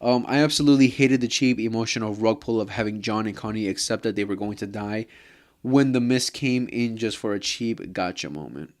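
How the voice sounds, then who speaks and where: A man's voice: fairly low pitch, fairly quick. A man ranting casually about a show, heated and profane, rambling with fillers and restarts. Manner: profane and heated, says "bro" constantly. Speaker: vlogger. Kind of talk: casual anime rant.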